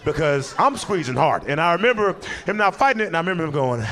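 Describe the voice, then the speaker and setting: Animated man telling a stand-up story. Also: fairly high pitch. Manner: animated, acts out characters in quick voices, breaks into laughter. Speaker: stand-up comedian.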